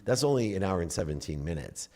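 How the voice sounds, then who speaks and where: Deep-voiced middle-aged man, animated guest. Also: fast. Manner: animated, acts out his inner voice with swearing. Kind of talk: casual interview talk.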